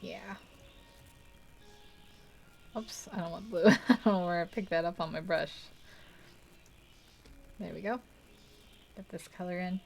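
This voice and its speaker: A woman's voice: fairly low pitch, fairly even intonation, measured pace, gravelly, pauses often, darkish tone, faint music behind. A young woman hosting a live art stream, chatting casually and rambling while she paints, laughing often and poking fun at herself. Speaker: art livestream host.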